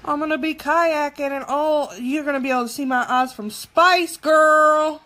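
A woman in her thirties chatting through a casual live makeup tutorial, jokey and quick to swear. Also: sits high, a bit bright. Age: 30s.

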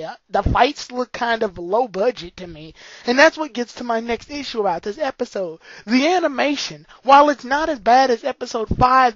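A woman's voice: on the high side, no echo, lo-fi sound. A woman giving a casual, opinionated spoken review of an anime episode, blunt and occasionally profane.

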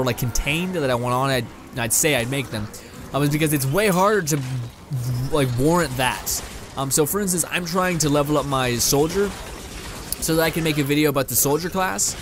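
A man's voice: on the high side, noisy background. A young man from Canada giving rambling, laugh-filled commentary while playing a video game, now and then swearing at it. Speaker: gaming YouTuber. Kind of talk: casual let's play commentary.

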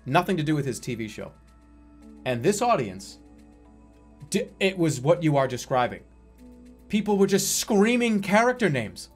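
A man's voice: medium pitch, slightly rough. A man in his thirties, a livestreamer rambling through a casual chat and swearing freely. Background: faint music.

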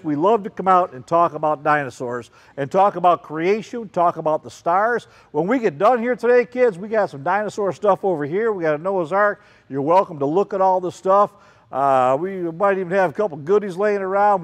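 Man, children's speaker, high lively voice, big reverberant hall. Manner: animated, calls out questions to the crowd. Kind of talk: lively talk to a group of kids. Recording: long reverb, large hall.

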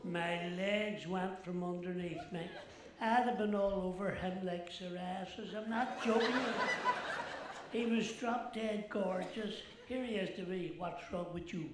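A man's voice: high-pitched, measured pace, crowd noise. A man playing a chatty, gossipy older Northern Irish woman, rambling through a comic monologue with asides to the audience. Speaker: comic stage performer. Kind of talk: stand-up style comic monologue in character. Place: large theatre stage. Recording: echoey theatre with audience noise.

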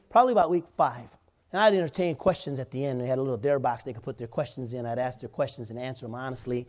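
A man's voice: medium pitch, a little mellow. A male pastor preaching in church, telling stories conversationally and building to emphatic points. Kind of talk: sermon.

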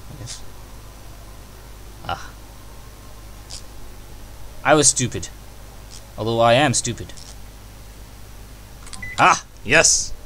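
Excitable young man narrating his gameplay. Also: mid-range voice, a little hiss or hum. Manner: excitable, talks to himself, frequent yelps. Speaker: gaming channel host. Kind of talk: let's play commentary.

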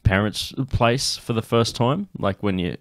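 Male podcast host, low voice, dry close sound, swears and laughs, acts out the quotes. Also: measured pace, no echo. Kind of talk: casual chat, telling a story.

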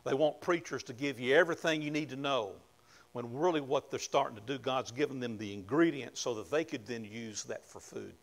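A man preaching a conversational sermon, often dropping to a hushed tone and rising to emphatic points. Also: medium pitch, fairly quick, gravelly. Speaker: pastor.

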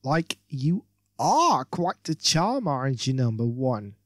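A man's voice: high voice, very animated, unhurried, vocal fry, a little mellow, no room sound, clean studio sound, pitched above the performer's own voice, heavily acted. A man voicing a ditzy valley-girl woman on a dating show, gushing and filling every line with "like" and "you know".

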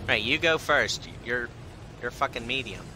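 A man's voice: medium pitch, moderate pace, background noise. A man giving casual, profane, sarcastic commentary while playing a game, muttering to himself between shots. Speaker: gameplay streamer.

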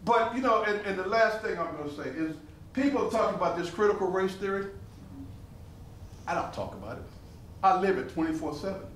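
An older man, performing as a potter and telling lively, laughing stories to a live audience. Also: high-pitched, fairly quick, long pauses, a little hiss or hum. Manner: animated, laughing storyteller with repeated phrases. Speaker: living history performer and potter. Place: museum hall with an audience. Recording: roomy hall, voice from a distance.

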